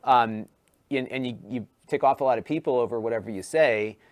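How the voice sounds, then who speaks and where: A man who hosts a YouTube tech channel, talking through a casual podcast conversation in an animated way, full of restarts, and lifting his voice for quoted lines. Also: medium pitch, brisk, no echo.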